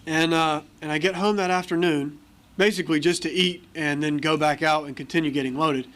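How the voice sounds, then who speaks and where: A man's voice: on the high side, fairly even intonation, a little fast, fairly bright tone. An American man speaking at a recovery meeting, telling his story candidly and acting out the voices of people in it. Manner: candid storytelling, acts out quoted dialogue. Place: meeting hall.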